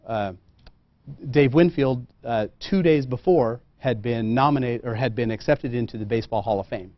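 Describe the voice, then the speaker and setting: A man's voice: mid-range voice, no echo. A man tells an anecdote to a room of listeners. He acts out the dialogue and jokes at his own expense. The sound is dry and a little muffled. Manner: animated anecdotal, acts out quoted dialogue, self-deprecating. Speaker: custom tailor and guest speaker. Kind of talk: storytelling talk to a room.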